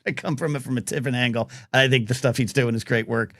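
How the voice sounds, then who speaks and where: A man's voice: mid-range voice, steady tone, fast, fairly bright tone, dry recording, studio quality. A man hosting a casual live talk radio show, rambling and reading out chat comments. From United States.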